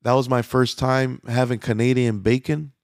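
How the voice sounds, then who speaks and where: A male pastor preaching a sermon in an easy conversational flow, often restarting his phrases and dropping in fillers. His mid-pitched voice has a gravelly edge, and the sound is close and dry with no room around it. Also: little pitch movement, normal speed, no room sound.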